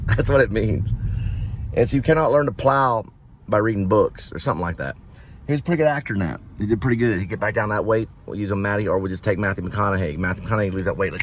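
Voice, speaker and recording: A man's voice: on the low side, a little fast. A man chatting casually and rambling while driving, joking and repeating phrases. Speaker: vlogger, delivery driver. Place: inside a vehicle while driving. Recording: loud vehicle road noise.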